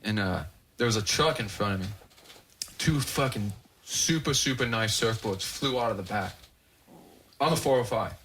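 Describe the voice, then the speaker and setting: A man's voice: fairly low pitch, normal speed, slight background noise. A man telling a story on a podcast, casual and profane, acting out the voices of the people in it. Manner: animated, profane, acts out voices in his stories. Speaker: podcast guest.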